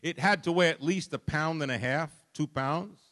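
A man preaching a sermon as pastor, dramatic, swinging from soft asides to loud peaks. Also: on the high side, moderate pace. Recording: long church reverb.

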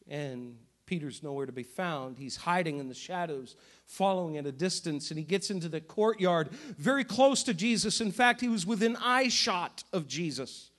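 High-voiced passionate male preacher. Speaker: pastor. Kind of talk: sermon.

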